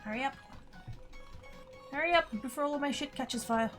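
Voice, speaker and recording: A woman streaming a game, chattering to herself and her viewers, squealing with excitement now and then. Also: high-pitched, moderate pace. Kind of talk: casual gameplay livestream chatter. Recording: game music playing underneath.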